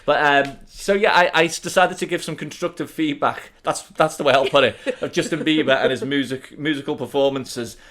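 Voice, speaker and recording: A man's voice: on the high side, fairly even intonation, a little fast, few pauses, a bit bright. A man in his thirties with a Liverpool accent, co-hosting a podcast and telling a story with lots of laughter. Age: 30s. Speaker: podcast co-host. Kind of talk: casual storytelling chat.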